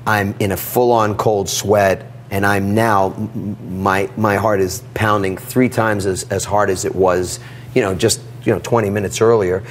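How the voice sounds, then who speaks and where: A middle-aged man telling a personal story in an interview, animated and acting out the dialogue. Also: on the low side, normal speed, slight background noise. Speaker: guest.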